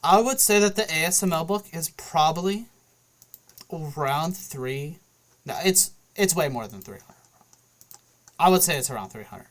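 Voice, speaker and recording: A man's voice: fairly high pitch, animated, normal speed, pauses often. A man talking casually straight to the camera in a loose, rambling monologue full of fillers. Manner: loose, filler-heavy, often checks in with "okay?". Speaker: vlogger.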